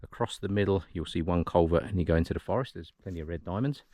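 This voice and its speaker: Here the trail vlogger talks fast in a low voice, chatting and pointing out directions as he walks a mountain trail with a handheld camera. Background noise is audible.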